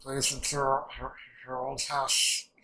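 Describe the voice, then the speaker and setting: A young man rambling excitedly through a casual reaction commentary, swearing freely and restarting his sentences. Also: mid-range voice, normal speed, rough recording. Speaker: anime reaction channel host.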